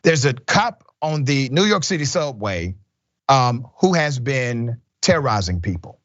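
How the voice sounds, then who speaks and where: A male news host talks with a lively, swinging pitch and hammers each point home by repeating it. The sound is dry and a little dull. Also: measured pace, no room sound. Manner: emphatic, repeats points for stress. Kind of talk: news commentary.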